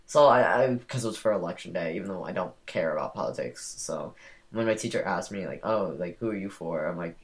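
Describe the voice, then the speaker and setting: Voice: deep voice, brisk. Young podcast co-host, rambling and sassy. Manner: rambling, sassy storytelling with many fillers. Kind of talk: casual chat.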